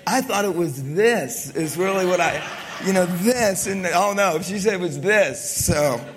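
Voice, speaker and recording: Middle-aged male pastor, hoarse and raspy, preaching casually in a long-echo hall; slightly high voice. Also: lively intonation, a little slow, slight background noise. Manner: chatty and self-deprecating, then hushed in prayer. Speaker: wrestling coach. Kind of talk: sermon. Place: church sanctuary.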